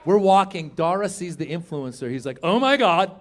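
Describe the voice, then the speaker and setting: A man from Iran doing a stand-up comedy set, animated and shouting punchlines to the crowd on a club stage. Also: high voice, moderate pace.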